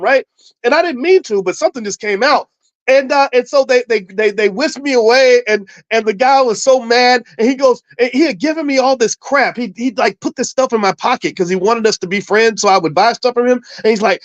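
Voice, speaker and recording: Male host from Kentucky, casual money talk, animated delivery, close dry mic. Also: very high-pitched, fairly quick, no echo. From Louisville, Kentucky. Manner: animated, repeats words and restarts, acts out quotes. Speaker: finance show host. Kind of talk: casual storytelling with money advice. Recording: dull, slightly lo-fi dry sound.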